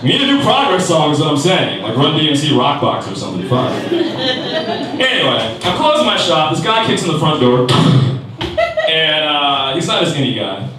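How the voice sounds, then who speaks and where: A man doing a stand-up comedy set on a club stage, his pitch swooping up high for punchlines. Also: very animated, moderate pace, sharp tone, far from the mic. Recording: echoey club recording from afar, crowd noise.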